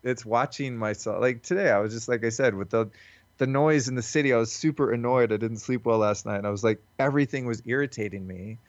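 Medium-pitched and fast, a man joins a podcast by call, talking earnestly and reflectively in a loose, casual way with plenty of swearing. There's no echo, but the call recording is dull and lo-fi.

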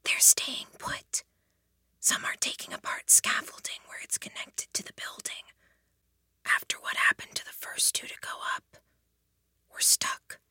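A woman's voice: a little slow, bright, forceful tone, no echo. A woman doing a young woman's breathless whisper. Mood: urgent hush. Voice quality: unvoiced far-off whisper. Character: whispering young woman, hushed, tense, guarded. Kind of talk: whispered role-play.

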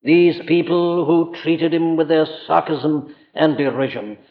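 A man's voice: on the high side, fairly even intonation, a little slow. A man preaching an earnest, emphatic sermon full of rhetorical questions, with an old lo-fi recording. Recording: dull lo-fi archive recording in a reverberant hall.

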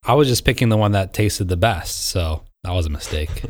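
A man co-hosting a podcast in casual chat, talking with a cough drop in his mouth while fighting a cough, chatty, quick with asides and laughs. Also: low-pitched, animated. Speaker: podcast co-host.

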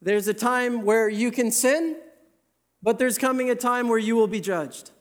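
Male preacher, high pitch, earnest and emphatic sermon delivery. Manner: earnest, emphatic, slows down to stress key words.

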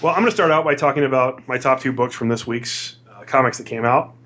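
A man hosting a casual comics podcast, upbeat and quick to laugh. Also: mid-range voice, a bit bright. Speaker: podcast host. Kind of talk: casual podcast chat and ad read.

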